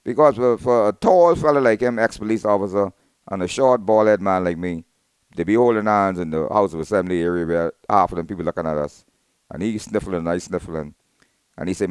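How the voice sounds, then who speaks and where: A Bahamian man in middle age running his own talk show with a fairly low, smooth, resonant voice. The sound is close and dry, with no room around it. He talks in an animated way, muttering low asides one moment and booming the next. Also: normal speed, dry recording. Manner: animated, swings from low asides to loud outbursts. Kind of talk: opinionated talk radio monologue.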